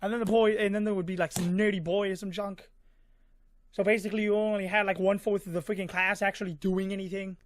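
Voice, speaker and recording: A vlogger with a high voice tells a story casually and ramblingly, full of fillers and little sound effects. He talks fast with a flat delivery, recorded close and dry with no room sound or echo.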